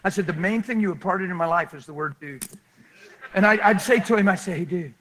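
A man preaching, telling a lively story and acting out the people in it, often laughing as he goes. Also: sits high, brisk, rough recording. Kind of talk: animated storytelling sermon.

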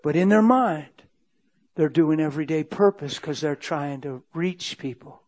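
Brief: middle-aged male pastor, lively storyteller, fairly high voice, shifts from booming to hushed. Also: measured pace. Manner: animated, acts out dialogue, swings from loud to hushed. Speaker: preacher. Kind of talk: sermon storytelling.

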